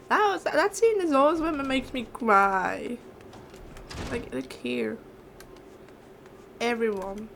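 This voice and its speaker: A woman streamer gives casual commentary over gameplay. She talks slowly and emotionally, circling back to the same words. Her voice sits a little high, with faint music underneath. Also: gravelly. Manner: emotional, slow, repeats herself.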